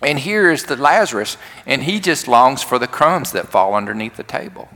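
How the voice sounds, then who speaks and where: A man's voice: medium pitch, very animated, moderate pace, bright, forceful tone. A man preaching a sermon and retelling a story, acting out the characters' lines. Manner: storytelling, acts out quoted lines. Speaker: pastor. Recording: long hall reverb.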